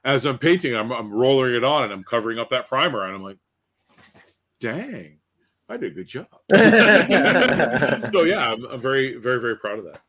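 A man's voice: mid-range voice, expressive, fairly quick, few pauses, a bit bright. A man co-hosting a casual talk show, rambling a bit and repeating words as he speaks. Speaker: podcast co-host. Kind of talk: casual chat.

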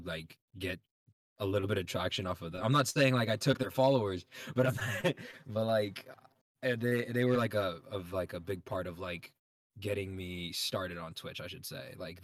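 A young man guest talking casually and hesitantly, full of fillers, trailing off quietly. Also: low-pitched, steady tone, moderate pace, dry recording, clean studio sound. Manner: mumbly, hesitant, lots of fillers. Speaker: guest streamer. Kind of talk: casual chat.

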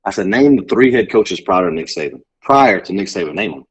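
This is a man, chatting casually as a sports show co-host. His voice sits on the lower side, and he tells stories in an animated way, acting out the quotes. He laughs easily as he talks. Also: a little fast, husky, low-quality recording. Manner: animated storyteller, acts out quotes, laughs often. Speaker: podcast co-host.

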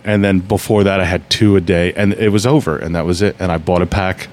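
Deep-voiced man telling rambling stories. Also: fairly even intonation, brisk, a little mellow, slight background noise. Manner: rambling, story-driven, restarts often. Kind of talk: casual storytelling chat.

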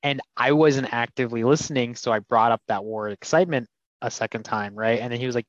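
A man's voice: mid-range voice, quick pace, no room sound. A man co-hosting a casual podcast, candidly explaining and retelling his conversations. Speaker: podcast co-host. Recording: dull, dry sound.

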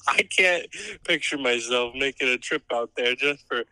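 A man's voice: mid-range voice, normal speed, over a noisy crowd. Giggly man on a phone call. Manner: giggly, laughing through his words. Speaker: phone-in guest. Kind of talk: casual phone chat.

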